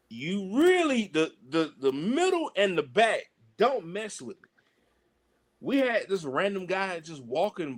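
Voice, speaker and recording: Guy w a slightly high voice telling road trip stories, laughing a lot, pitch all over the place. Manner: animated, laughing, lively storyteller. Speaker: guest, pro wrestler. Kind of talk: casual storytelling chat.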